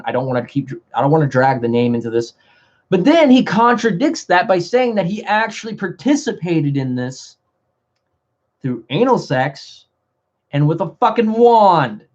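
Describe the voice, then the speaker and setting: A man's voice: on the high side, darkish tone, highs cut off. A man hosting a commentary livestream, ranting in a heated, profane, rambling way with frequent restarts. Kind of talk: live commentary rant.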